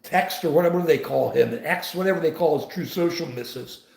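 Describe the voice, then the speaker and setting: An older man in his seventies delivers heated political commentary, his voice pitched high for a man. He rambles, restarts his sentences and keeps pressing the point. The sound is roomy and echoey. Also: brisk, gravelly, darkish tone. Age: 70s. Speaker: host. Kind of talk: political commentary on a live show. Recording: roomy echo.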